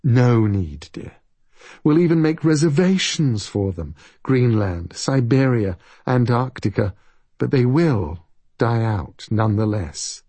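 A man reading an audiobook, voicing an ancient masked time creature with a deep, guttural voice that turns breathy and sweet, patronizing and calling people dear. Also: animated, slow, dark tone, no room sound, exaggerated voice. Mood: condescending.

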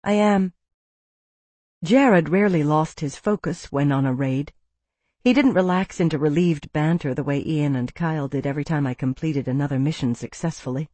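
A woman narrating a novel in first person, gentle and thoughtful. Her voice sits on the low side. It is recorded close and dry. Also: brisk, dry recording. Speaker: audiobook narrator.

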